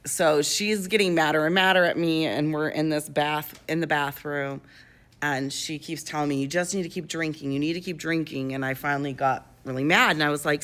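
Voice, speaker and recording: A woman's voice: deep voice, a bit bright. A woman in her twenties telling a personal story in a casual, rambling way, with lots of fillers and restarts.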